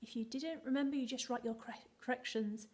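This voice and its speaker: A woman's voice: a little high, steady tone, fairly quick. A woman teaching a recorded phonics lesson to young children, in a sing-song, encouraging way, drawing out each letter sound. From England. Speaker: primary school teacher.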